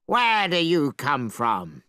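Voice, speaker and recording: A man doing a slow, gruff river dragon. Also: a little high, wildly swooping pitch, sharp tone, no echo, clean studio sound, full character voice.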